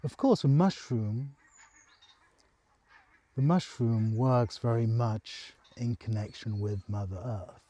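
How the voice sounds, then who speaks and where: A man telling a personal spiritual story in a soft, halting, earnest way. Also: mid-range voice, dry recording.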